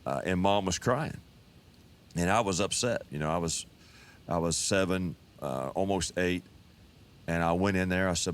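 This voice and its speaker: Man, 50s, pastor, deep voice, folksy testimony storyteller. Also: moderate pace, fairly bright tone. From Texas.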